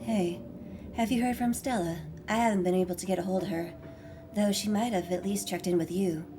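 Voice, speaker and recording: Woman voicing calm young southern woman, deeper than usual, hushed. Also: fairly quick, noisy background, natural voice. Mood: concerned. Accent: slight southern US twang.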